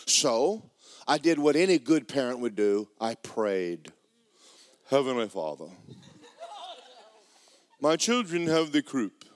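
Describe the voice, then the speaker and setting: A man preaching a sermon, joking with the congregation and breaking into loud shouts. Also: sits high, no echo. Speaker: pastor.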